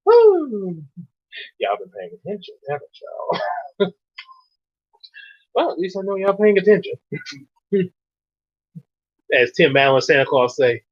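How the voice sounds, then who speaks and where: Guy reading a story out loud and chatting, giggles a lot, talks slow, dull lo-fi sound. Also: high voice, huge pitch swings. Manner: giggly, rambling, laughs often. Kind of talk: casual reading with commentary. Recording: dull lo-fi recording.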